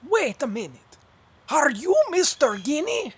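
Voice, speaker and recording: A woman's voice: high voice, big pitch swings, measured pace, voice pushed up. A woman voicing a bumbling male toucan detective in a storybook, awkward and eager, stumbling over his words.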